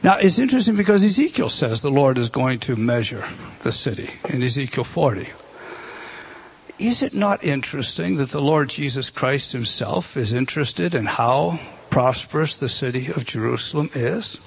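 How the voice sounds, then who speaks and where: A man's voice: medium pitch, lively intonation, normal speed, creaky, husky. A man preaching a sermon, explaining a Bible passage verse by verse as he writes words out on a board. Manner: explanatory, writing on a board as he teaches. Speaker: pastor.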